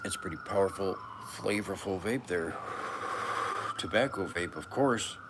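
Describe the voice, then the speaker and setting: Deep-voiced guy in his 30s rambling and swearing on a live stream outside, crickets and cars loud in the background. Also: unhurried, very noisy. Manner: musing, profane, wandering monologue. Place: outdoors on a hot day.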